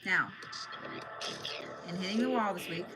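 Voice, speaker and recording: Host, female, young adult, casual tarot reader who swears freely, mid-pitched, loud music under her. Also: measured pace, rough recording. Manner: blunt and profane, talks straight to viewers.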